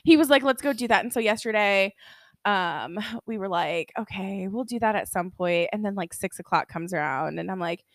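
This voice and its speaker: A woman's voice: medium pitch, moderate pace, no echo, clean studio sound. A young adult woman co-hosting a casual podcast, telling stories and acting out what people said. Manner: animated storytelling, acts out quotes. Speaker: podcast co-host. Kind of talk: casual chat.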